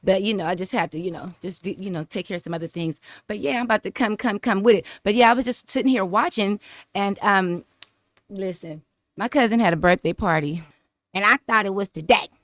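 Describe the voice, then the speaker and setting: A woman's voice: mid-range voice, a little fast, no echo, studio quality. A woman vlogger, rambling through casual political commentary, repeating herself and laughing often.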